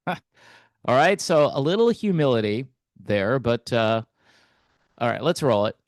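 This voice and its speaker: A man hosting a music commentary channel, talking in a relaxed, hesitant way with wry asides. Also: medium pitch, measured pace, noisy background. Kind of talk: casual reaction commentary.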